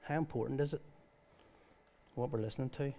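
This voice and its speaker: A man preaching a conversational sermon at a church service, reading scripture and telling stories in a lively way. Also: mid-range voice, a little fast, creaky. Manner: lively storytelling, reads scripture aloud. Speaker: pastor.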